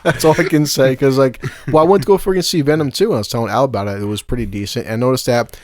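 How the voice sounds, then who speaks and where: A man's voice: medium pitch, racing, darkish tone, no room sound. A man in his forties hosting a podcast, telling a story in casual chat, swearing often and laughing as he talks. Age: 40s. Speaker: podcast host.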